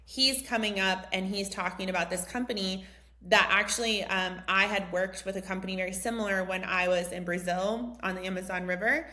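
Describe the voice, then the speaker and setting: A woman's voice: medium pitch, fairly quick. A woman in her thirties from the United States, a mindset coach telling a personal story in a casual, chatty way, full of "like" and "um". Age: 30s. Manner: chatty, heavy use of "like" and "um", animated retelling. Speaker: mindset coach hosting a group session.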